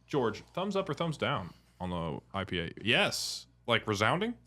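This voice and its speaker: A man with a bright, forward tone and a lively, swinging pitch chats casually while tasting beer with friends. He jokes a lot and keeps the talk loose and playful. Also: normal speed. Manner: jokey, laughs often, slips into put-on accents. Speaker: podcast co-host. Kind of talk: casual chat over beers.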